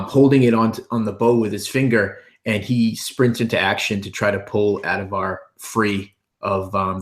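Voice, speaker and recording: Hesitant low-voiced man in an echoey room. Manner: thoughtful, hesitant, many ums. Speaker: player. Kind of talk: describing his character's actions in a tabletop game.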